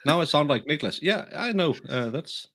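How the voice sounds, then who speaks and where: A man's voice: fairly high pitch, expressive, fairly quick, crowd noise. A man from Denmark, co-hosting a casual political chat and ranting bluntly with strong opinions. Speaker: co-host.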